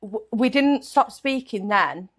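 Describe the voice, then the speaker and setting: A woman's voice: fairly high pitch, animated, slow pace, breathy edge. A young woman, telling her story as a guest in a casual interview, blunt and jokey, pregnant.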